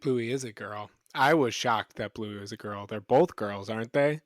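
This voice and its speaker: A man co-hosting a casual podcast who talks in a gentle, encouraging way. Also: lowish voice, normal speed, dry recording, clean studio sound. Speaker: podcast co-host.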